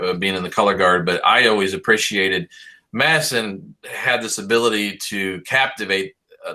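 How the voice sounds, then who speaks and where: Low-pitched, bright and forceful, the voice belongs to a middle-aged high school band director on a video call. He rambles cheerfully in praise of his seniors, leaning on lots of fillers.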